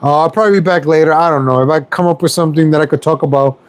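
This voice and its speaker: The audio is poor as a middle-aged man with a slightly high voice talks very fast on a casual home stream. This YouTube streamer delivers a political rant, rambling, repeating himself and angry at everything.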